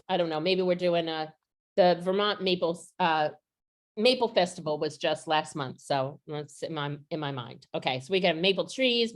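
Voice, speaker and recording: A middle-aged woman training teachers on vocabulary instruction, practical and asking the audience questions. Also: mid-range voice. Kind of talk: professional development workshop.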